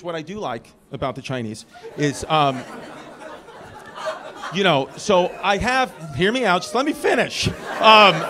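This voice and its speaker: A man doing stand-up comedy, teasing the front row in a rambling way that keeps cutting itself off. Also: high-pitched. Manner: rambling, teasing, self-interrupting. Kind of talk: stand-up comedy with crowd work. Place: comedy club. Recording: live club with loud crowd and noise.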